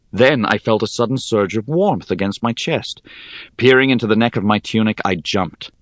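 A man narrating a fantasy novel in the first person, measured and expressive. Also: fairly low pitch, no echo. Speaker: audiobook narrator.

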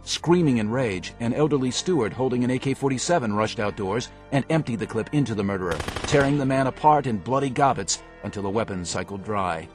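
A man giving a steady, measured scripted audiobook narration. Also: mid-range voice, faint music behind.

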